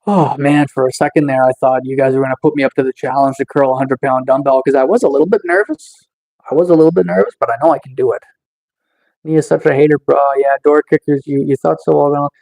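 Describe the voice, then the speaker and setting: A man's voice: medium pitch, quick pace, creaky, a little mellow. A man live-streaming in a casual chat, teasing and taunting the trolls in his chat with sarcastic mock-tough boasts.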